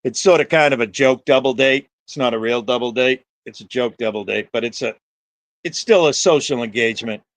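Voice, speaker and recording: A man's voice: mid-range voice, fairly quick, no echo. A man hosting a livestream, chatting with viewers by name in a rambling, profane, jokey way. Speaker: livestream host.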